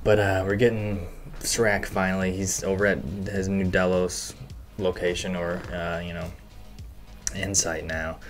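Male recap host, deep voice, relaxed rambling delivery with swearing, soft music underneath. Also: a little slow. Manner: loose and chatty, heavy on fillers, casual swearing. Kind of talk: casual episode breakdown.

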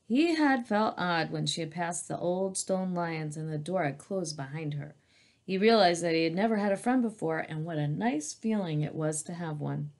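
A woman's voice: lowish voice, expressive, normal speed, a little mellow. A woman reading a chapter of a children's novel aloud, with casual asides between passages. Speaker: storybook reader.

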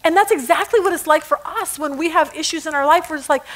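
A woman's voice: sits high, quick pace, a bit bright. A middle-aged woman teaching a women's Bible study, telling stories and acting out quotes, laughing at her own jokes.

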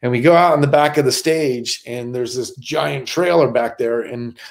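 Man, middle-aged, stuntman guest, animated storyteller, mid-pitched, casual interview. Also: moderate pace, creaky. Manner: animated storyteller with many restarts.

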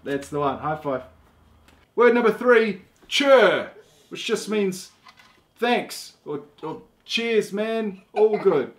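A young father with a New Zealand accent talks through a casual home lesson. His delivery is playful and laid-back, with halting starts and easy restarts. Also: high-pitched, lively intonation. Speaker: dad teaching his young daughter slang. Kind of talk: casual instructional video.

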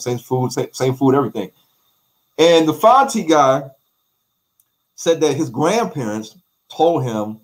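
Emphatic man with African American English. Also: a little high. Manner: emphatic, repeats phrases, acts out quotes. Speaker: interview guest. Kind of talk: animated conversational storytelling.

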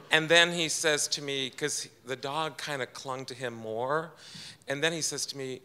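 A man's voice: medium pitch, normal speed, bright, forceful tone. A man telling a personal story to a live audience in a chatty, self-deprecating way, acting out what others said. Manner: chatty, self-deprecating, quotes people in his own voice. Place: event room with audience.

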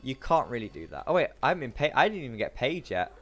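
A man chatting casually while co-playing a video game, excitable and quick to yelp and laugh. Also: mid-range voice. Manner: excitable, yelps and laughs at mishaps. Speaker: gamer co-playing a prison game. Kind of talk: casual gaming chat.

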